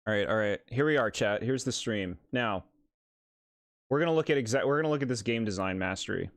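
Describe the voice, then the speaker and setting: A man's voice: on the low side, animated, brisk, no room sound, clean studio sound. Exasperated laughing gaming streamer man. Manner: exasperated, sarcastic, laughs often. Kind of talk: casual live commentary.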